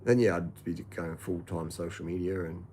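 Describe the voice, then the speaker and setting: A man's voice: low-pitched, fairly even intonation, normal speed, mellow, a little hiss or hum. A man in a casual chat who talks in a laid-back, blunt way, dropping "man" and "like" often.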